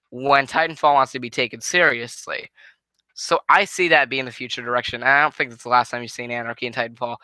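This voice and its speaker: A man's voice: mid-range voice, sharp tone, clean tone, no echo. A tired man giving a casual, rambling review of a wrestling show, swearing and restarting his sentences often.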